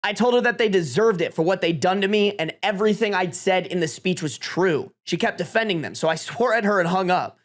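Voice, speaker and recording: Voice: medium pitch, animated, fairly quick, hardly any pauses. A live streamer reading Reddit posts aloud to chat, with reactions. Swears freely and laughs often. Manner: talks to chat.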